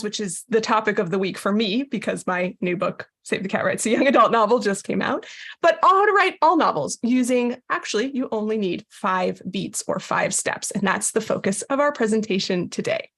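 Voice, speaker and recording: A woman giving a writing presentation over a video call, upbeat and clear with occasional fillers. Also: on the high side, fairly bright tone. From United States. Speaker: writing teacher and guest presenter. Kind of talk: webcast presentation.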